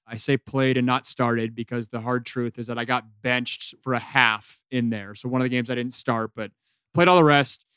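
Laid-back young guy on a podcast, smooth clear voice, dry close mic. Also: medium pitch, fairly even intonation, normal speed, fairly bright tone, no room sound. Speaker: podcast co-host, former football player. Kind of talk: casual podcast chat.

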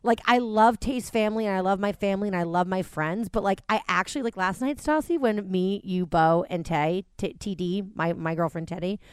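A woman co-hosting a casual remote chat, talking in fast animated bursts with frequent laughter and swearing. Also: medium pitch, smooth, dry recording, clean studio sound. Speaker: podcast co-host. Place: at home, connected remotely.

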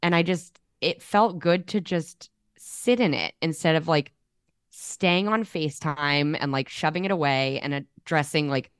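Young woman, low voice, candid chatty podcast talk, dry close sound. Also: unhurried, smooth, no echo. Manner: candid, chatty, lots of fillers. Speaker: podcast co-host. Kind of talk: casual chat. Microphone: remote call.

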